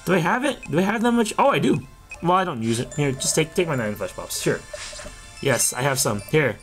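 A giggly man chatting casually through a game playthrough, his pitch bouncing all over the place. Faint game music plays beneath his voice. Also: lively intonation, a little fast. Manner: giggly, reads dialogue aloud. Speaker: let's play gamer. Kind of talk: casual gameplay commentary.

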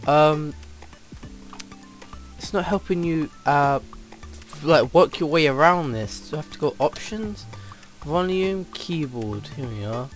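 A man's voice: fairly high pitch, slow, long pauses, faint music behind. A man giving casual let's play commentary at his computer, rambling and flustered, with lots of ums. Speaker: gamer.

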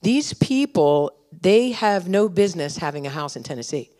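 A middle-aged woman preaching at a conference, telling stories with animated energy and urgent exhortation. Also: on the low side, normal speed. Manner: animated storytelling, laughing at her own stories. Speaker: conference speaker. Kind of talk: sermon.

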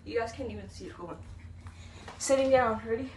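A young woman vlogging at home, chatting excitedly to viewers as she plays. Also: fairly high pitch, fairly quick. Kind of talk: casual vlog chat while playing. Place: bedroom at home. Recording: loud background noise.

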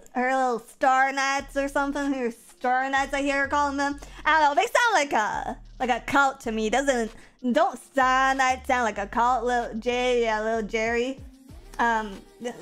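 A woman's voice: on the high side, fairly bright tone, clean tone, pitched below the performer's own voice, natural voice. A woman streamer playing a brash, self-pitying young woman inmate in a comedic jail role-play, talking in a slangy drawl full of rambling repeats. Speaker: VTuber streamer.

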